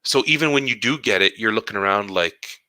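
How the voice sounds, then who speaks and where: A man who teaches elementary school narrates stories from work in a casual podcast monologue, acting out the conversations as he goes. His voice is on the low side and a little fast, with a clean tone and no room sound.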